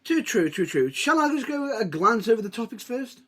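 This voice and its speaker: A man's voice: very high-pitched, big pitch swings, a little fast, fairly bright tone. A man co-hosting a wrestling podcast, who keeps the talk moving with dry, teasing remarks. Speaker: podcast co-host. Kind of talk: casual chat.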